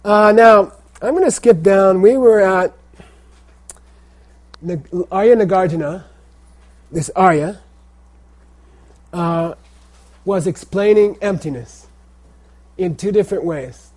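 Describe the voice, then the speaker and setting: A man's voice: high voice, slow, pauses often. A middle-aged man lecturing a class on Tibetan pronunciation and texts, who keeps checking in with the students. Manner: repeats phrases and checks in with "okay?". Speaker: teacher of Tibetan language and Buddhist texts.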